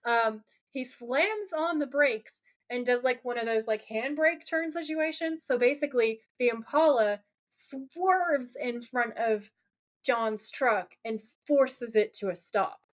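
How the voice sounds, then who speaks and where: Animated, swearing woman podcaster. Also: slow. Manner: animated, profane, acts out quotes in a gruff low voice. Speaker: podcast co-host. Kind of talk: casual chat recapping a TV episode.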